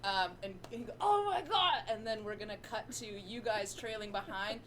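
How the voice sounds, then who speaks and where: A woman's voice: medium pitch, level tone, fairly quick, fairly bright tone, a little hiss or hum. Rambling woman game master. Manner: rambling, casual, swears freely. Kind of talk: narrating a tabletop game.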